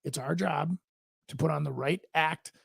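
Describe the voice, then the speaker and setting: Co-hosting a radio show from the studio, a real estate agent from Minnesota bluntly spins animated stories about his deals, voicing both parties himself in casual chat. His fairly high voice is gravelly and husky at normal speed, with no echo.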